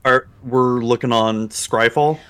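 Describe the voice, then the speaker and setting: A co-host in a casual card game chat, easygoing and agreeable, chiming in with quick reactions. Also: medium pitch, steady tone, fairly bright tone, clean tone.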